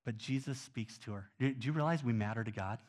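A man preaching a sermon in an earnest way, going from quiet, soft passages to loud, pressing ones. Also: mid-range voice, fast talker. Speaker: pastor.

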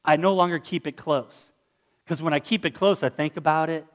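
A pastor preaching a sermon, telling stories dramatically and acting out the voices of the people in them. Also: male voice, fairly high pitch, fairly quick. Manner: dramatic storytelling, acts out voices.

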